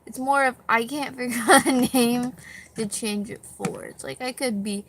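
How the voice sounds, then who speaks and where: A woman's voice: a little high, moderate pace, a bit bright, slight background noise. A young woman chatting casually on a live stream, tired, rambling and self-deprecating, with a dog on her back at home.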